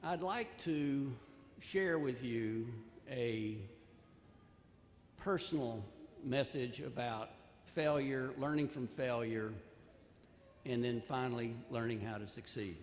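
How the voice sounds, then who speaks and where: An older man delivers a commencement speech in a large ceremony hall, sharing a folksy personal story and earnest advice. His mid-range voice moves slowly, with a little hiss or hum, and the echoey hall adds long reverb and faint ambience.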